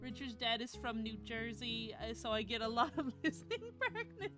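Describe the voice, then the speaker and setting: A woman's voice: on the high side, normal speed. A young woman live-streaming, chatting casually and scatterbrained with her viewers, laughing often. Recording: music playing behind.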